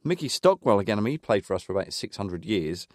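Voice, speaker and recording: A man's voice: on the low side, sing-song, fast, no echo. Rambling man reminiscing, dry sound. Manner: rambling, reminiscing with many fillers. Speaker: podcast co-host. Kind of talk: casual football chat.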